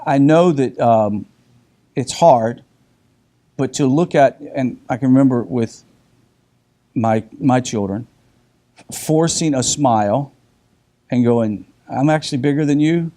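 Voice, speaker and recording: Man, middle-aged, mellow voice, casual group lesson, animated storytelling, restarts often. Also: mid-range voice, slow, long pauses. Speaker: teacher.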